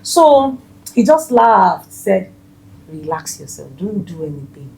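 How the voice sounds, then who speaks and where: Expressive Nigerian woman in roomy echo. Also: medium pitch, takes it slowly, vocal fry. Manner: laughing, expressive storyteller. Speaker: podcast guest. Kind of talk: casual storytelling chat.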